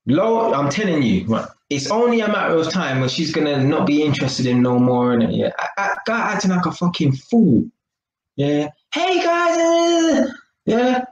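A man's voice: on the high side, big pitch swings, moderate pace, echoey room, highs cut off. A man giving a casual live-stream talk to his viewers, chatty and full of tag questions. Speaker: vlogger.

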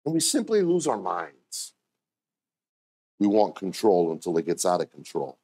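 Animated preacher man. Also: a little slow, breathy edge. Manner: animated storytelling, acting out quotes with sudden pitch jumps. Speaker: pastor. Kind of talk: sermon.

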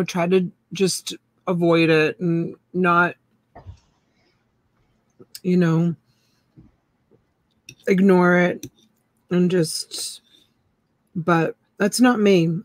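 Woman co-host, slow and sincere, mid pitch, dry and close to the mic. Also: fairly even intonation, no echo. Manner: slow, earnest, talks with her mouth full. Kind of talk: casual live-stream chat.

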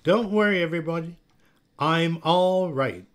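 A man voicing a loud, attention-seeking little girl in a storybook, whiny and showy. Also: on the high side, unhurried, clean tone, pitched above the performer's own voice.

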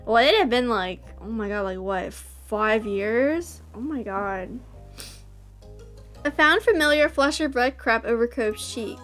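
A woman reading a visual novel aloud for her channel, breaking into gushing, excitable asides. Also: on the high side, unhurried, faint music behind.

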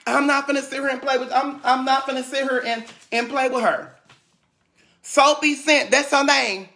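A man's voice: very high-pitched, steady tone, moderate pace, vocal fry, bright, forceful tone. A man from St. Louis ranting dramatically on a livestream, sassy and repetitive, often stumbling over his words. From St. Louis, USA. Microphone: phone.

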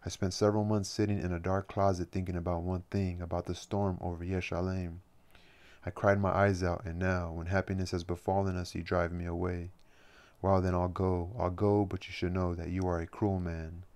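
A tender, pleading young woman in love , read by a man in his low, even voice. Her words come with feeling in a storybook reading. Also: moderate pace.

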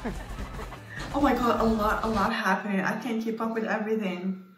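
A woman's voice: mid-range voice, fairly quick, recorded from a distance. A woman hosting a reaction video, gushing and laughing as she comments casually. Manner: giggly, gushing and excitable. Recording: roomy sound with loud background music.

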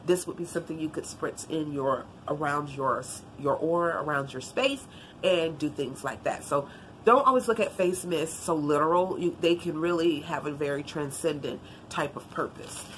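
A woman's voice: low voice, moderate pace, a little hiss or hum. A woman vlogger chatting casually while unboxing gifts, a bit congested and tiring easily. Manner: chatty, animated, Southern-style "y'all" talk.

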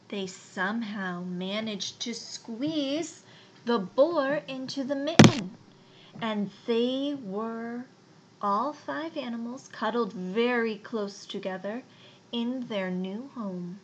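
A woman reading a children's storybook aloud in a gentle, unhurried way. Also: on the high side, lo-fi sound, a little hiss or hum.

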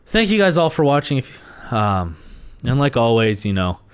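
A man giving let's play commentary as a gaming host, frustrated, swearing constantly and yelling at the game. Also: medium pitch, big pitch swings, moderate pace, clean tone. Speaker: gaming YouTuber.

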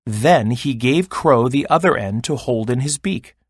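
A man reading a children's story aloud in an expressive, deliberate way. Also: medium pitch, breathy edge, no room sound, clean studio sound.

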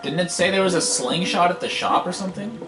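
Hosting a let's play, a man rambles through casual gameplay commentary with an impatient, wisecracking edge. His voice is high-pitched and a little fast. Game music plays behind him in an echoey room.

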